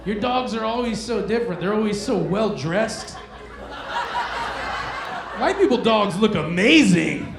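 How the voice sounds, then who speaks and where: A man works a comedy club crowd with casual, crude banter. His voice sits high and has a gravelly edge. The room is echoey, with faint crowd noise behind him. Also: lively intonation, unhurried, long pauses. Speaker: stand-up comedian. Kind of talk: stand-up comedy set.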